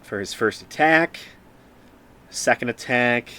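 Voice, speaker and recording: A man running a tabletop game as game master, relaxed and peppered with fillers and small laughs. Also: medium pitch, slow pace, clear, resonant tone. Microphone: streaming microphone.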